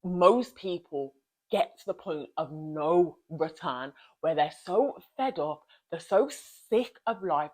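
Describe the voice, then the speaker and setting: A woman giving a blunt, emphatic motivational talk to her viewers as a self-help vlogger. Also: low voice. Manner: emphatic and blunt, with pep-talk asides to the listener.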